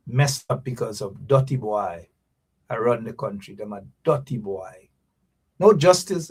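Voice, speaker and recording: A man's voice: medium pitch, creaky, breathy edge. A man with a Guyanese accent hosting a radio show, giving a mocking political commentary full of repeated taunts.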